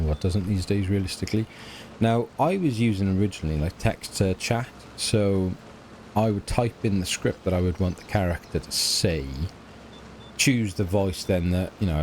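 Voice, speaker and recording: A man's voice: low voice, a little mellow, a little hiss or hum. A middle-aged British man chatting casually and hesitantly while playing a farming game, often trailing off and mocking himself. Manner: rambling, hesitant, self-mocking. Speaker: let's play gamer.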